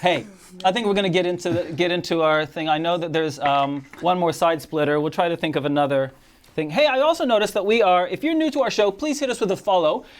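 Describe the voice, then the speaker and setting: Man, New Zealand accent, high voice, upbeat host, casual stream banter. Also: quick pace. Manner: upbeat, laughs often, hosts the chat. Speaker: host and game master.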